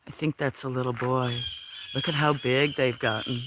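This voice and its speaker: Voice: medium pitch, steady tone, normal speed, a bit bright, a little hiss or hum. A livestream host on a farm, chatting casually to viewers over a handheld phone while cooing at the cats and apologizing now and then. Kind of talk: casual live-stream chat. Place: farm, among the cats at feeding time.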